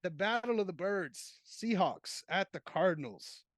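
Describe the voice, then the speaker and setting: A man's voice: sits high, lively intonation, unhurried, no echo. A man co-hosting a casual sports podcast, joking and swearing, laughing often. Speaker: podcast co-host.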